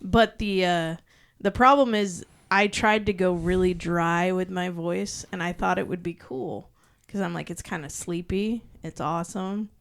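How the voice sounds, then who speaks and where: A woman's voice: fairly low pitch, steady tone, measured pace, vocal fry, clean tone. A woman chatting casually on a podcast, laughing often and trailing off mid-sentence. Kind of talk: casual chat.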